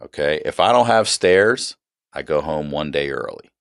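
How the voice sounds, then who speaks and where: Very deep-voiced man telling a wild story. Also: normal speed, smooth, no room sound, clean studio sound. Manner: profane, animated storyteller acting out dialogue. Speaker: podcast guest. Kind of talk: casual storytelling chat.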